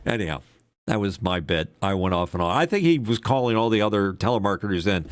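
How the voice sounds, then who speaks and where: A man's voice: on the low side, animated, brisk. An older man, a former radio DJ, co-hosting a casual talk show and telling stories with lots of fillers. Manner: rambling storyteller, many fillers. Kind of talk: casual podcast chat.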